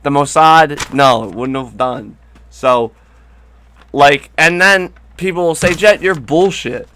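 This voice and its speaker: A man's voice: on the high side, slow pace, bright, forceful tone, clean tone. A man hosting a crude, comedic commentary video, rambling and sarcastic, with frequent swearing. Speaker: commentary host.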